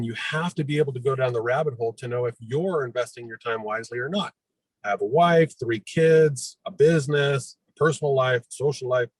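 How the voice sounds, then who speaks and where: A man's voice: medium pitch, husky, no echo, low-quality recording. A man speaking as a guest on a real estate panel, direct and practical. His voice sounds dry and close, and he lists his points one after another. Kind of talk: casual panel chat.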